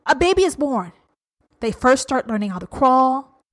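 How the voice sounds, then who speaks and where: A woman around forty hosting a solo podcast, blunt and profane, ranting at her listeners and swinging between loud and hushed. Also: high voice, very animated, moderate pace. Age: 40s. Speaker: podcast host. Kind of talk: uncensored solo podcast rant.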